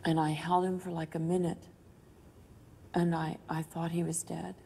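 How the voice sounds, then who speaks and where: A woman telling an emotional story in an interview, animated, gasping and laughing as she goes. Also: lowish voice, moderate pace, vocal fry, slight background noise.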